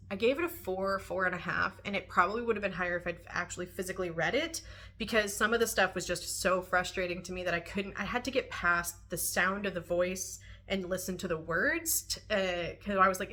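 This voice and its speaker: A young adult woman talking casually to camera in a book review vlog, chatty and animated, laughing often and filling pauses with "um" and "like". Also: medium pitch.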